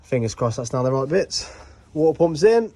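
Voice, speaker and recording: Chatty man, higher-pitched voice. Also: big pitch swings, moderate pace, warm tone. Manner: chatty, explains each repair step while working, with fillers. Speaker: car vlogger. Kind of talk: casual hands-on vlog narration.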